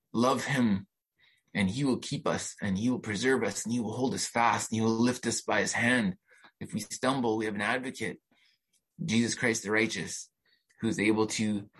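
A man's voice: on the low side, a bit bright, slightly rough, low-quality recording. A middle-aged man preaching a sermon in a conversational way, with frequent restarts and asides. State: emotional, near tears while reading. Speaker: pastor.

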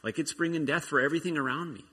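A man's voice: on the high side, fairly even intonation, very fast, pushed and bright, husky. A man giving an informal testimony at a church meeting, telling an everyday story earnestly and often restarting his sentences. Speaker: church member sharing a testimony.

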